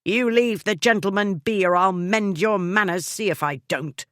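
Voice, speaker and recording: Brief: loyal servant woman voiced by the narrator, brisk, no-nonsense, higher tone. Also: a bit bright, dry recording, studio quality, natural voice. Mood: scolding. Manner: blunt and bossy. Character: fiercely loyal lady's maid, blunt.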